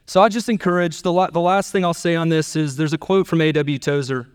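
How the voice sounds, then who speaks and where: A middle-aged man preaching a sermon to his church, telling a family story in an earnest way and lifting his pitch to act out the people he quotes. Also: steady tone, a little fast, few pauses, smooth, no echo, clean studio sound. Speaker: pastor.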